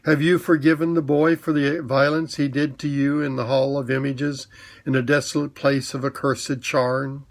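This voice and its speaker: A man's voice: medium pitch, flat delivery, moderate pace, lightly acted. A man voicing a great noble male lion king in a storybook reading, speaking in a solemn, commanding and formal way.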